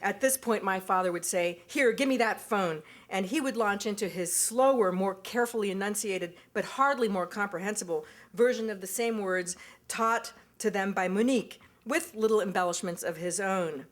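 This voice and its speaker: A woman's voice: mid-range voice, normal speed. A woman reading aloud from her own memoir at a university event, with a wry, amused delivery.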